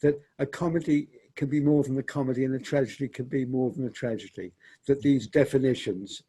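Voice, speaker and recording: A man's voice: mid-range voice, steady tone, brisk, mellow, breathy edge. An older man, a theatre director, reminiscing in an interview as a reflective storyteller who repeats and restarts words.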